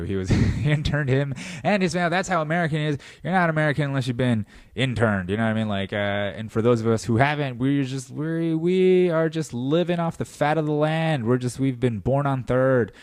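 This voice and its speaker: A man hosting a podcast in a comedic monologue, riffing in an animated, profane way and dropping into mock voices. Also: medium pitch, brisk, no echo, studio quality. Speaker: podcast host. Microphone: podcast mic.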